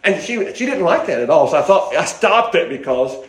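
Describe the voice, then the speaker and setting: A man's voice: a little high, big pitch swings, fairly quick. An older man preaching a sermon in a folksy, rambling way, with restarts and asides, in an echoey hall.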